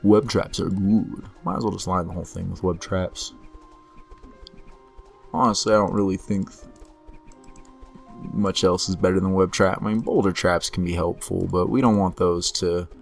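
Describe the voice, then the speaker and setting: A man commentating his own strategy game play in a relaxed way, talking through each move while he is losing his voice. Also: low-pitched, gravelly, faint music behind. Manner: unhurried, talks through each move to himself. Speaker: gameplay commentator.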